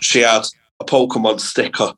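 Young comedian guy on a podcast, husky voice, swears a lot telling school stories. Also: on the low side, moderate pace, low-quality recording. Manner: animated anecdotes, lots of swearing. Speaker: comedian guest. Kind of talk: casual storytelling chat.

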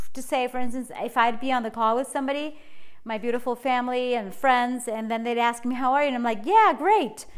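A woman hosting a solo podcast, talking in a bubbly, energetic way and laughing often. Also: a little high, clear, resonant tone. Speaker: podcast host and life coach. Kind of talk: casual solo podcast monologue.

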